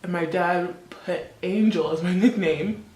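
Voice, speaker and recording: A woman's voice: fairly low pitch, measured pace, darkish tone. Chatty young woman in an echoey room. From born in the Democratic Republic of Congo, raised in Canada. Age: 20s. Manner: chatty, laughs often, heavy use of "like". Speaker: beauty vlogger. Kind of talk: casual chat while doing makeup.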